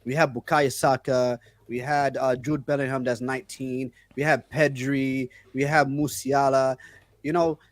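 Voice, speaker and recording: A young man co-hosting a casual football chat, relaxed and measured. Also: mid-range voice, no room sound. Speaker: podcast co-host.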